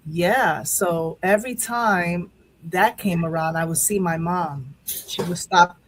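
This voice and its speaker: A woman's voice: fairly low pitch, slow, slight background noise, rough recording. A woman hosting a live talk show, speaking candidly and emotionally about grief, rambling with many restarts. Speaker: show host.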